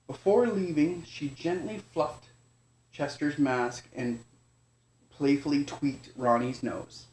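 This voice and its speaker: A father gently reading a bedtime story to his young son, speaking informally and stumbling and correcting himself now and then. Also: medium pitch, a little slow, slight background noise. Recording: echoey room.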